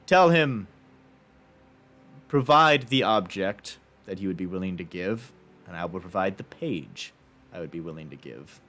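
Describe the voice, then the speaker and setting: A man's voice: sits low, animated, a little slow, fairly bright tone. A man voicing a long-dead male wizard who speaks tersely from inside a crystal in a tabletop game. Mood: scheming.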